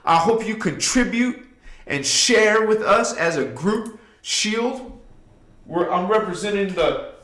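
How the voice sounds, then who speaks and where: A man's voice: high voice, lively intonation, takes it slowly, a bit bright, roomy sound. A man hosting a casual spiritual livestream, exuberant and laughing, chanting affirmations to his viewers. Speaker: livestream host.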